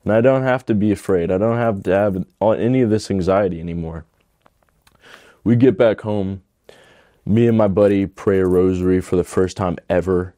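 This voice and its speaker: A man's voice: deep voice, normal speed, warm tone, no echo, clean studio sound. A young man telling his personal testimony in a casual, rambling way, earnest and emotional, filling his speech with "like". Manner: rambling, fills with "like".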